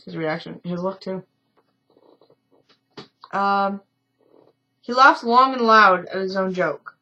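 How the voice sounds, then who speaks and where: A woman's voice: medium pitch, pushed and bright, low-quality recording. A tired woman streamer reading a story game aloud, with chatty asides and frequent self-corrections.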